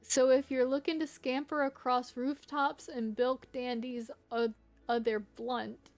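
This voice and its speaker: Woman reading a gruff, slangy rogue recruiter in a game; slow, gravelly delivery, a bit high; faint game music behind. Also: level tone. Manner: reading game dialogue aloud in a rough, slangy tone. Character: gruff male rogue guild recruiter from a pirate city.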